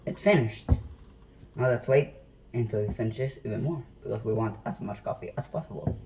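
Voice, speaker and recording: A man's voice: mid-range voice, a little fast, noisy background. A man in a home kitchen chatting casually into his phone as he shows how to make iced coffee. He jokes about himself and rambles with many restarts. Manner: joking, self-deprecating, rambling with restarts. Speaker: home cooking vlogger.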